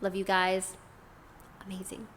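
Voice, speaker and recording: A woman's voice: mid-range voice, completely flat delivery, measured pace, fairly bright tone. A young woman from Boston telling her personal story to her channel in a casual, rambling way, full of "like" and other fillers. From Boston, USA. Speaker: channel host. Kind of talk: personal testimony vlog.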